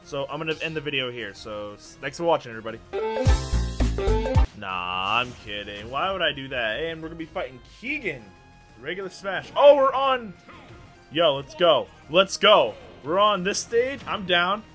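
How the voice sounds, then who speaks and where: A man hosting excited gameplay commentary, yelling and laughing at the plays. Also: fairly high pitch, normal speed, faint music behind. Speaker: gaming channel host.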